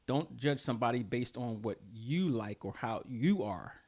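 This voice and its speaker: A man's voice: mid-range voice, animated, moderate pace, a little mellow. A man hosting a podcast, chatting casually in a laid-back, teasing way and laughing easily. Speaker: podcast host.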